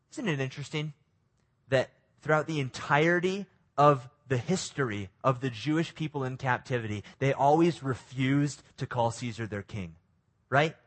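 A man with a slightly high voice preaches a sermon to his congregation. He reads scripture in a calm, measured way, then asks them lively questions. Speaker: pastor.

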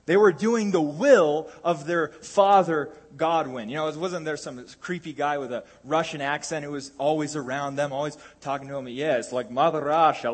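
A man's voice: on the high side, husky. A man preaching a sermon in a conversational way, with jokey asides and frequent restarts.

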